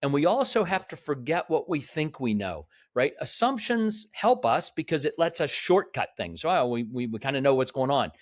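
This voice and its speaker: A man's voice: a little high, very animated, moderate pace, hardly any pauses, no room sound, studio quality. A man speaking as a podcast guest, earnest and explaining, often checking in with "right?". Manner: earnest, frequent "right?" tag questions. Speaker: podcast guest, real estate developer. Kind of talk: conversational interview.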